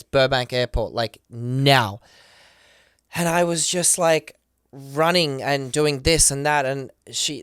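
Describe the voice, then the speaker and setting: A man on a podcast as a guest, telling a story casually, excitedly and quickly, with lots of "like" and acted-out quotes. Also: mid-range voice, clear, resonant tone, dry recording, studio quality. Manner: excited, rapid retelling full of "like" and acted quotes. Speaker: podcast guest, professional dancer.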